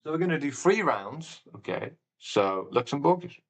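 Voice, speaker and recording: A man's voice: a little high, big pitch swings, normal speed, rough recording. A man live-streaming a game, talking casually and thinking aloud, with a rambling manner and sudden exclamations. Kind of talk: casual live commentary while playing.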